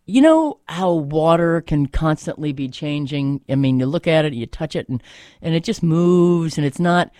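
Woman radio host, meandering musing talk with lots of fillers, animated pitch, dry close studio mic. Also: moderate pace, dry recording. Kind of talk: rambling solo radio monologue.

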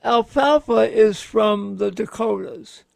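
A man in casual radio chat, explaining in slow, rambling, halting sentences as a gardening expert. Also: high-pitched, vocal fry, a little mellow, no room sound.

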